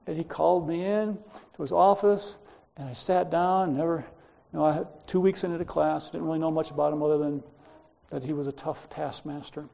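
A man's voice: fairly high pitch, fairly even intonation, a little fast, gravelly, warm tone, muffled recording. A man teaching a Bible class, lecturing and telling stories from his school days to students, speaking to them directly in a chatty way.

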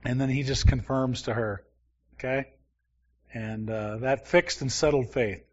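Man, mid-pitch, Bible teacher, chatty and questioning, muffled lo-fi recording. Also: steady tone, moderate pace. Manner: conversational, asks the class questions.

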